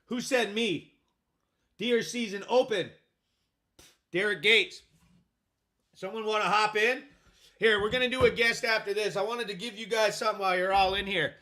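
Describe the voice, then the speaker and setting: A man with a high, bright voice hosts a live show. He talks in a hyped, rambling, foul-mouthed way, reacting to chat and reading out fight headlines. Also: normal speed. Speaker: podcast host; video editor. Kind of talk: live-stream commentary.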